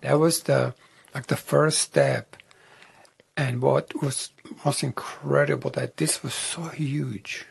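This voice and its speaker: A man talking reflectively as an interview guest, soft-spoken and often dropping into a whisper. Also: mid-range voice, fairly even intonation, slow, creaky, slightly rough.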